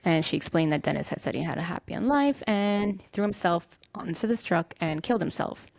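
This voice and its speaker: A woman's voice: lowish voice, animated, brisk, gravelly, darkish tone, dry recording. A young woman hosting a podcast, telling a true-crime story in a loose, conversational way and swearing casually. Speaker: podcast host.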